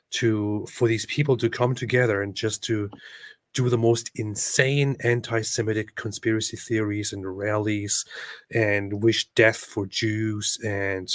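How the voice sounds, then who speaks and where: A man's voice: fairly low pitch, no echo, studio quality. A man co-hosting a casual livestream, reading viewer comments aloud and laughing often.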